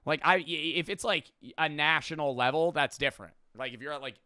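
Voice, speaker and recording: A man's voice: fairly high pitch, brisk, sharp tone, clean tone, no echo, studio quality. A man streaming and reacting to a video in casual, profane, rambling talk with lots of fillers.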